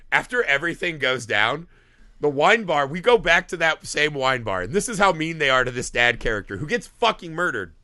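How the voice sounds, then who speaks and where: A man's voice: medium pitch, expressive, moderate pace, sharp tone, no echo, clean studio sound. A man co-hosting a movie podcast, telling the story in casual, profane chat and acting out the characters' lines. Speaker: podcast co-host.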